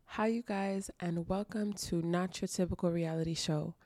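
A woman's voice: lowish voice, darkish tone, dry recording, studio quality. A woman hosting her own podcast, speaking emotionally and earnestly and repeating phrases for emphasis in an intimate confessional monologue. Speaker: podcast host. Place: dark room at home.

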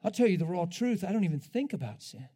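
A man preaching a sermon in an animated way, laughing often and swinging between loud, drawn-out lines and hushed ones. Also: high-pitched, slightly rough.

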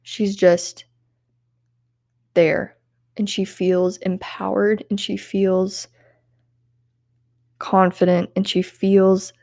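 A young woman speaks in an earnest, heartfelt monologue for her self-help podcast, her voice tearful and near to crying. Her pitch sits mid-range, and the close, dry recording carries no room sound. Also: flat delivery, very slow, vocal fry, pauses often, darkish tone, dry recording. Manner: earnest, heartfelt, uses "like" often. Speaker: podcast host.

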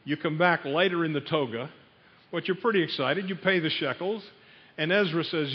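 Preaching a sermon, a man tells a story and poses questions to his audience. His voice is a little high and moderately paced, and the sound is dull, in a hall with long reverb.

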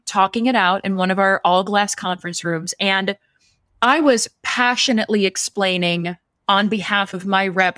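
A woman's voice: mid-range voice, no room sound, clean studio sound. A woman in casual podcast talk, telling a story and acting out the dialogue with lots of energy. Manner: animated, acts out quoted dialogue.

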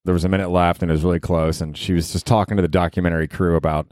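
A man's voice: deep voice, flat delivery, rapid-fire, darkish tone, no echo, clean studio sound. A young man hosting a comedy podcast, rambling and cursing in a self-mocking way. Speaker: podcast host. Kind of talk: casual comedic monologue.

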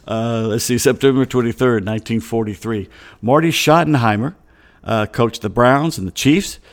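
A man hosting a sports talk show, reading off sports history in a conversational way with offhand asides. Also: medium pitch. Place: Atlanta studio.

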